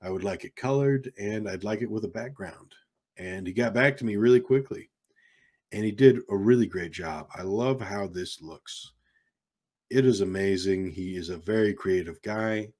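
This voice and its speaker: A man's voice: lowish voice, normal speed, a little mellow. A man hosting a casual livestream from a home desk microphone, rambling with lots of ums and uhs. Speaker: livestream host. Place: home streaming setup in California. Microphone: desk microphone with keyboard behind it.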